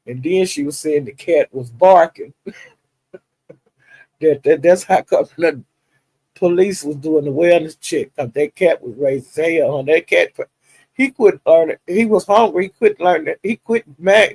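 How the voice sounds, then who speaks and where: A man with a gravelly, slightly raised voice tells gossip on a livestream. He chats loosely, laughs often and acts out the quotes. His voice sits close and dry on the mic, with no room sound. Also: a little high, measured pace, no room sound, poor audio. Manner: animated, laughing storyteller who acts out quotes. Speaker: livestream commentator. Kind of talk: casual gossip commentary.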